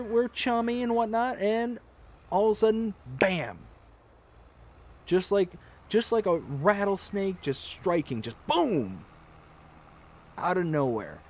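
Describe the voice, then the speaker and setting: Man, stream host, casual chat, lively swooping pitch, slightly high voice, faint hiss behind. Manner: animated storyteller, acts out his own shrieks. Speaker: livestream host. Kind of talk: casual chat while gaming.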